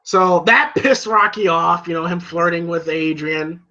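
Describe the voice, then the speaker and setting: Man, casual movie reviewer, high bright voice, rambling amused delivery, lo-fi sound. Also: unhurried.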